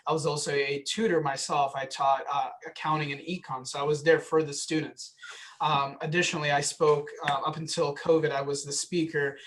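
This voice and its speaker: A young man on a student panel speaks steadily and sincerely. His voice is fairly high for a man and stays flat, with little rise and fall. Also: fairly quick. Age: young adult. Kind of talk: panel advice.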